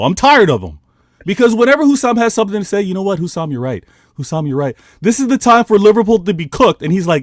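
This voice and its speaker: This is a man with a high voice that swings widely up and down as he argues his football point. He talks over the others in a heated, animated debate. The sound is dry and close, with no room around it. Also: brisk, no echo. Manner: animated, argumentative, pleads for his turn to speak. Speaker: football podcast panelist.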